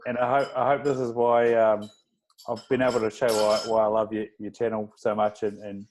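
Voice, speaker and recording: A man hosts a podcast in a flat, even voice of middling pitch. His talk is warm and hesitant, and he often repeats his opening words. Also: brisk, slight background noise, rough recording. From outside Australia. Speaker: podcast host. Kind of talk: casual chat.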